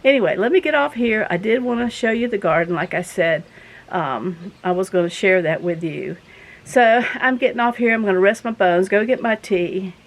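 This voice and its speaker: A woman's voice: medium pitch, moderate pace, low-quality recording. Breathless woman vlogging outdoors. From southern United States. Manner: folksy, rambling, earnest. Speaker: vlogger host. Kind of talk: casual chat to viewers. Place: outdoors, walking from a garden.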